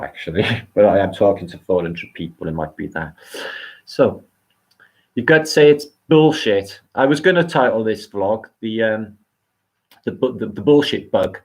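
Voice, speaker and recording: A middle-aged man with a British accent talks off the cuff on a live stream, with a somewhat low voice. His delivery rambles and swears freely, jumping up and down in pitch as he gets worked up. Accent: British English. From England. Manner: rambling, profane, animated swings in pitch. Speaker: livestream host. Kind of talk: casual live-stream monologue.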